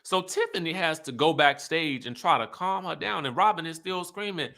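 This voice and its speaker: A man hosting an online show, recapping in animated, chatty talk with emphatic asides. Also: on the high side, normal speed, gravelly, hardly any pauses. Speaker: YouTube host recapping reality TV. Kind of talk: casual chat.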